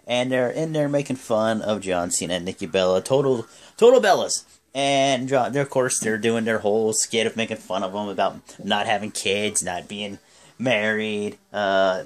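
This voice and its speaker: A young man casually recapping a wrestling show, rambling through the action with lots of fillers and bursts of acted-out quotes. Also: on the low side. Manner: rambling play-by-play with many fillers, acting out quotes.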